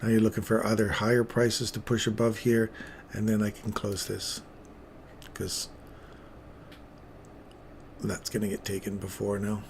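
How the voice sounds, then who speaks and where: A man's voice: fairly low pitch, completely flat delivery, measured pace, creaky, pauses often, a little hiss or hum. A man hosting a live trading stream, rambling between chatty asides and market commentary with playful remarks to viewers.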